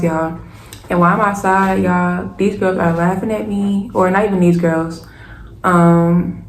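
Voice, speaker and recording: A young woman, telling a personal story to her viewers in a lively, casual way and calling them y'all. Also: lowish voice. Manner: animated, keeps addressing viewers as y'all. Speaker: storytime vlogger. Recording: echoey room with faint hiss.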